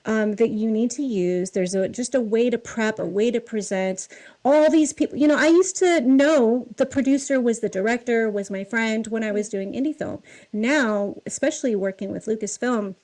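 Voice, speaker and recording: Lively woman telling candid stories. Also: on the high side, moderate pace, poor audio. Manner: animated, laughs often, self-deprecating. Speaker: guest, film key costumer. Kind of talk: casual podcast storytelling.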